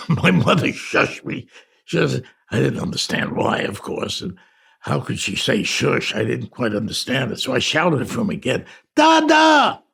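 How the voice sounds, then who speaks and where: An older New man reads his memoir aloud in a deeply gravelly, husky voice. He drifts back through memories with halting restarts and casual asides. His pitch rises and falls a lot. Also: animated, fairly bright tone. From New York. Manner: reflective, halting, with conversational asides. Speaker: memoir narrator. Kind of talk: audiobook memoir narration.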